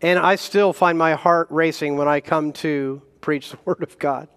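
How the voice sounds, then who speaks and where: A man preaching a sermon as a guest pastor, animated and self-deprecating, with chuckles between points. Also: fairly high pitch, unhurried, smooth, long reverb tail. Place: church sanctuary.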